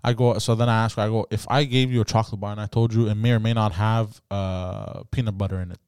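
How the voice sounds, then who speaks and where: Crisp-voiced man telling a story. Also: lowish voice, steady tone, fast talker, darkish tone, dry recording, clean studio sound. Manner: storytelling, acts out both sides of conversations, swears freely. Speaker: podcast co-host. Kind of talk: casual podcast banter.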